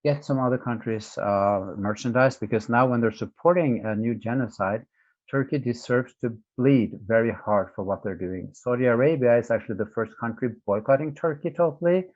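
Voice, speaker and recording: A man's voice: medium pitch, normal speed, darkish tone, dry recording. Earnest man, dry lo-fi recording. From Norway. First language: Norwegian. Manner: earnest, emphatic, many fillers and restarts. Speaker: interview guest. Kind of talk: conversational storytelling. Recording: dry, dull lo-fi sound.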